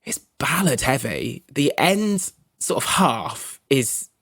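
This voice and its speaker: A man's voice: medium pitch, very animated, slow, fairly bright tone, no room sound. A man chatting as a podcast guest, gossipy and enthusiastic, joking as he talks. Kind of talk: casual podcast chat.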